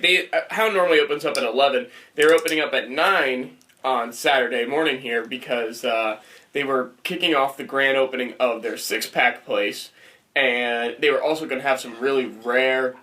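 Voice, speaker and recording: A man's voice: medium pitch, pushed and bright. A young man casually telling a rambling story on a podcast, laughing as he goes. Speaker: podcast co-host.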